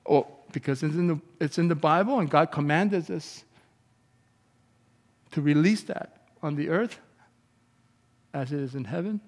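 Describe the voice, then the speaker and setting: A man preaching a sermon as pastor, moving between calm teaching and loud, animated outbursts. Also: a little high, moderate pace, pauses often, in a large hall. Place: church sanctuary.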